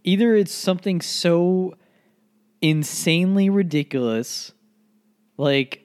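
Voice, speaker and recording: A man's voice: high voice, slow, a little mellow, clean tone. Laid-back young guy, casual podcast chat. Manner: laid-back, swears, trails off. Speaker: podcast co-host.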